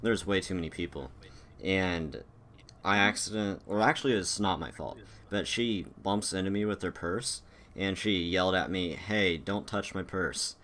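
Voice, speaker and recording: A man's voice: low voice, normal speed, a bit bright, slight background noise. A young man hosting a casual chat, telling stories in a rambling way with lots of fillers and restarts. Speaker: podcast host.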